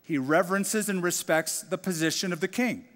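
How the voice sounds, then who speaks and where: A middle-aged man preaches a Bible sermon, his voice sitting a little higher than most men's. His words ring out with the long reverb of a big sanctuary, and he brings the scripture to life by voicing each speaker. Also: moderate pace. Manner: animated storyteller, acts out quoted dialogue. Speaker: pastor. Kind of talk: expository Bible teaching sermon.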